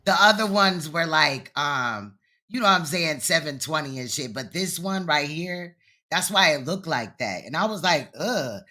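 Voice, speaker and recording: Sassy, piercingly bright male host. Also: a little high, animated, normal speed. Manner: sassy, mocking, profane. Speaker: commentary channel host. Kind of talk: reaction commentary.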